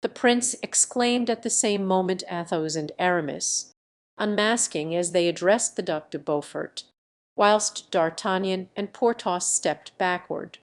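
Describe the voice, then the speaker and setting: A woman narrating a classic adventure novel as an audiobook, reading in an even, measured way. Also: fairly low pitch. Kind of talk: scripted narration.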